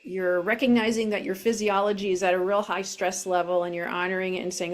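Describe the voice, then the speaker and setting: Middle-aged woman, coach type, soft, reflective, unhurried, mid-pitched, home video-call sound. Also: level tone. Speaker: self-compassion coach. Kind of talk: interview guest, casual explanation.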